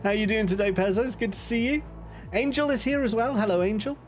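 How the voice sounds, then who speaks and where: A man's voice: sits high, fast talker, faint music behind. A man chatting casually on a live stream, laughing often and reading out chat messages. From northern England.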